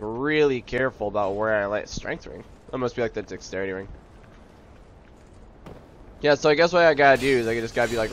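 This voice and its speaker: A man's voice: medium pitch, fairly bright tone, slight background noise. A young man giving live commentary on a video game, exclaiming and joking about his own failures. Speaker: video game let's player.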